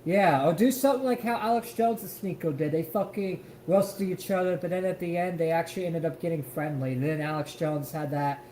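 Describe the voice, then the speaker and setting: A man's voice: fairly high pitch, a little fast, hardly any pauses, warm tone, reverberant, slight background noise, rough recording. A man co-hosting a live stream, reacting to a clip in an emphatic, profane rant. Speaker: stream co-host.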